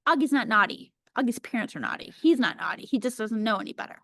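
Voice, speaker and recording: A woman's voice: a little high, no room sound, studio quality. Upbeat woman teaching a webinar. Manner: energetic, chatty, demonstrates words slowly. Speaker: early childhood workshop presenter.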